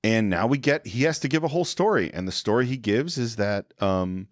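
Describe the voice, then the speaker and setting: A man's voice: fairly low pitch, expressive, fairly quick, no room sound, studio quality. A man co-hosting a podcast in casual chat, retelling film scenes and slipping into the characters' lines. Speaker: podcast co-host.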